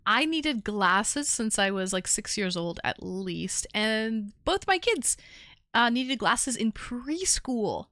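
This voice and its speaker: A woman's voice: on the high side, expressive, slow pace, fairly bright tone, dry recording. Woman streamer hosting a call-in show, chatty, laughs easily, dry close sound. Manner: chatty, laughs easily, reads chat aloud. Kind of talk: casual chat.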